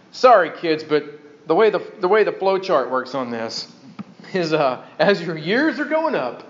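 A man preaching a sermon, animated, acting out quick voices and asking rhetorical questions. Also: on the high side, muffled recording. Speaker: pastor.

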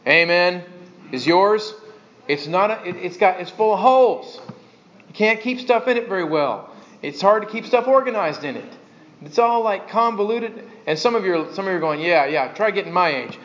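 A male pastor delivering a sermon with lively, animated preaching. His voice sits fairly high for a man and keeps jumping into little acted-out voices and rhetorical questions. The recording is a bit muffled and dull. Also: normal speed.

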